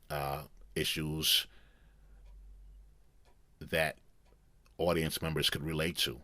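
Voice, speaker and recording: A man hosting a casual commentary video, talking in a rambling, halting way with many restarts. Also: extremely low pitch, a bit bright, dry recording. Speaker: commentary host.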